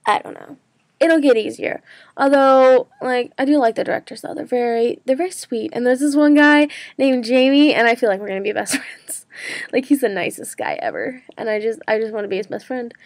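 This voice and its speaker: A young college woman chats away in a casual daily vlog, rambling from one thought to the next with plenty of fillers. Her voice sits a little high, and the sound is dry and close, like a webcam mic in a small room. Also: moderate pace, dry recording. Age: young adult. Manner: chatty, rambling, lots of "like" and "um". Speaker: college student vlogger.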